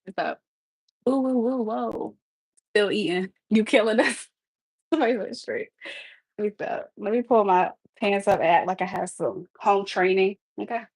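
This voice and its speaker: A woman's voice: medium pitch, normal speed, darkish tone, slightly rough, dry recording, rough recording. A young woman live streaming while she cooks, chatting casually and talking back to her chat with sass. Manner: sassy, talks back to the chat.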